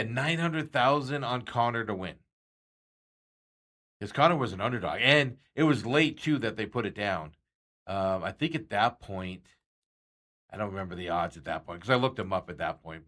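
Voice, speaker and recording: Man, sports radio host, low-pitched, casual rambling talk, chuckles and restarts. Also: sharp tone. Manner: rambling, self-correcting, chuckles often.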